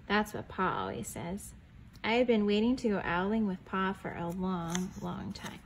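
A young woman reading a picture book aloud to preschoolers in a gentle storytelling voice, stopping to ask the children questions and dropping to a whisper on the quiet lines. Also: mid-range voice, sing-song, moderate pace, a little hiss or hum, low-quality recording.

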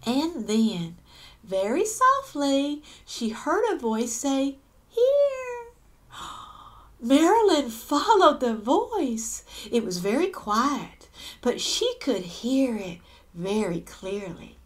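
A woman's voice: a little high, sing-song, slow. A woman reading a children's picture book aloud, adding gasps and little asides to her listeners. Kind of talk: read-aloud storytelling.

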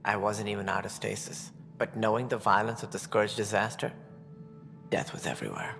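A man's voice: on the low side, flat delivery, a little fast, gravelly, a bit bright. An actor voicing a stern, haughty alien male colony director who speaks formally and looks down on common people. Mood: stiff, formal. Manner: formal, condescending about commoners. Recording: game audio with long reverb and music.

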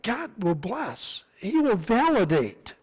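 A man's voice: high voice, big pitch swings, slow pace, a little mellow, slightly rough, rough recording. A man preaching as a visiting missionary, speaking in an earnest, conversational manner with frequent restarts. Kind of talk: sermon. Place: church sanctuary.

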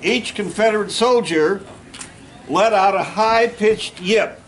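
Heavy background noise surrounds a slow-speaking man whose voice sits high. He's a historical reenactor playing a plainspoken Civil War Union general at an outdoor park event, spinning first-person war stories with folksy humor and drawing listeners in with jokes.

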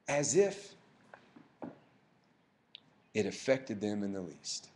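A man's voice: lowish voice, big pitch swings, takes it slowly, pauses often, darkish tone, a little hiss or hum. Fiery male preacher in a roomy church. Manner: impassioned preaching with personal stories. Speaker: pastor. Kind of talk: sermon. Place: church service.

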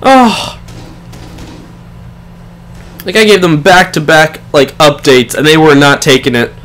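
Young male gamer, high-pitched, frustrated live commentary with plenty of swearing. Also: moderate pace. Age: young adult. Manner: swings between muttering and shouting in frustration, swears a lot. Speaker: gaming channel host.

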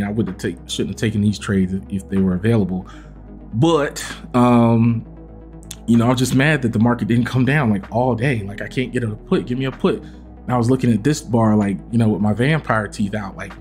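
A man's voice: mid-range voice, darkish tone. A man giving a casual, self-mocking recap of his day's trades, acting out his own inner dialogue. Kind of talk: casual screen-share trading recap.

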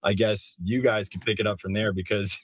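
A man's voice: lowish voice, fairly even intonation, moderate pace, breathy edge. A man from a film crew telling a loose, rambling story in casual chat, with lots of filler words.

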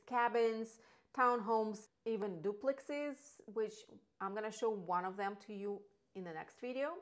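A woman, not a native English speaker, talking as a real estate agent in a casual, enthusiastic video about local neighborhoods, with asides and restarts. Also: mid-range voice.

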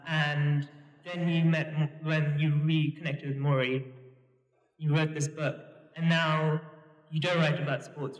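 A man from the UK, asking a question from the audience, hesitant with many fillers. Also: a little high. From United Kingdom. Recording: echoey hall with long reverb.

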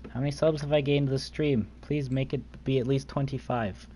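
A man's voice: medium pitch, steady tone, mellow, slight background noise. A young man livestreaming a game, chatting casually and joking with friends and viewers. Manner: joking, rapid banter with friends. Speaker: streamer. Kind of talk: casual gaming livestream chat.

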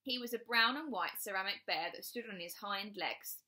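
A woman teacher reads a children's chapter book aloud in an expressive storytelling style, her mid-range voice moving at a moderate pace.

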